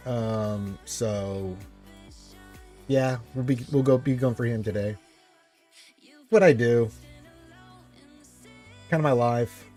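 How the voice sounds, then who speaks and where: A man's voice: medium pitch, darkish tone. A man hosting a casual gaming live stream, chatting loosely and reading out viewer greetings.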